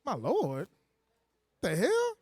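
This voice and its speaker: A man preaching a sermon in a lively, conversational way, using with slang, quick restarts and playful mocking asides. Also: high-pitched, breathy edge, no echo, clean studio sound. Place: church meeting hall.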